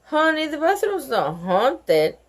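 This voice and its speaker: Kind teacher, soft coaxing manner, a bit higher , as a woman reader plays her. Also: huge pitch swings, takes it slowly, full character voice. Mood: gentle.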